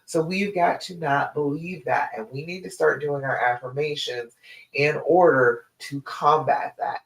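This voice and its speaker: A woman's voice: low-pitched, steady tone, unhurried, gravelly. A woman relationship coach giving a direct, emphatic live stream talk to her listeners. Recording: echoey room.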